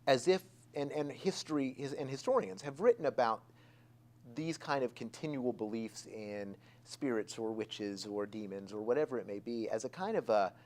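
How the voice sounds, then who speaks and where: A man's voice: medium pitch, animated, normal speed, a little mellow. A man, a historian, speaking in an interview with emphasis as he cites statistics. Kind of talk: expert interview.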